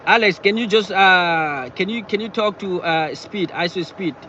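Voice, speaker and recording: Man, live-stream chat, halting, repeats himself, sitting in a car, faint background noise. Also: high-pitched, sharp tone, muffled recording. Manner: halting, repeats words and phrases often. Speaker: livestreamer reading viewer chat. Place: in or beside a parked car.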